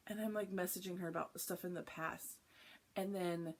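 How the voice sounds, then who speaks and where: A woman's voice: fairly low pitch, fairly even intonation, moderate pace. A young woman chatting casually on a cross-stitch vlog, rambling through a story with lots of asides. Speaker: flosstube vlogger. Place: home, early morning.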